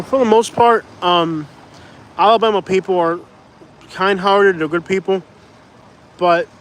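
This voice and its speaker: A man's voice: high-pitched, a bit bright. A man chatting casually on a livestream, rambling and laughing as he talks. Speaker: vlogger, livestream host.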